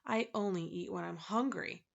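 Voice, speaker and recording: Storybook boy, curious and doubtful, always asking, read by a woman; creaky, lo-fi. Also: lowish voice, normal speed. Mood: questioning. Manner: questioning, doubtful.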